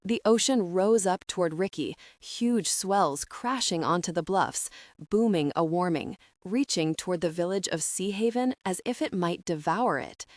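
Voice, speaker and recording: A woman reads novel narration at a steady, even pace. Her voice sits fairly low, and the recording is dry and close, with no room sound. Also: unhurried, no room sound. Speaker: audiobook narrator. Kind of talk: scripted audiobook narration.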